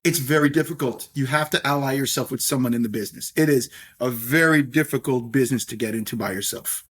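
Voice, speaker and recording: A man's voice: mid-range voice, fast, husky. A middle-aged man from New York, a scotch brand owner, talking in a podcast interview with lots of fillers and restarts. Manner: animated, many fillers and restarts.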